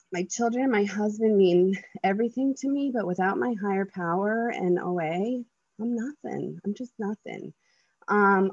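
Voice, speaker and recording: A woman's voice: medium pitch, vocal fry, darkish tone, no room sound, lo-fi sound. Earnest woman sharing, full of ums. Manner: earnest, many ums and likes, restarts. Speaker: twelve-step meeting speaker. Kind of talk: personal recovery share.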